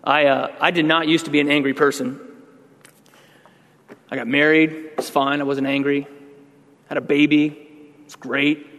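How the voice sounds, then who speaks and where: A man's voice: on the high side, little pitch movement, normal speed, pauses often, a bit bright, a little hiss or hum. Man preaching a conversational sermon in a reverberant church. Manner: conversational preaching, building to emphatic outbursts. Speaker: pastor.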